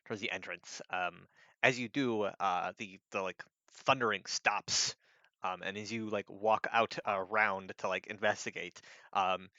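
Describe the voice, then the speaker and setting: Brief: male game master, halting narration, bright tone, dry muffled recording. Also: fairly low pitch, steady tone, no echo. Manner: halting, heavy with fillers.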